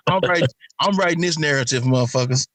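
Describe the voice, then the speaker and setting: A man trades brash, profane banter on a casual podcast, laughing often. His voice is slightly high for a man and sits close on a dry mic. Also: fairly quick, a bit bright, dry recording. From Chicago. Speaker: podcast co-host. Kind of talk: casual chat.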